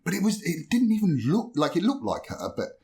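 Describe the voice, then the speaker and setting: A man telling a story in casual podcast chat, animated and swearing, acting out what people said. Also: on the high side, brisk. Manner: animated, swearing, acts out quoted voices. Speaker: podcast guest.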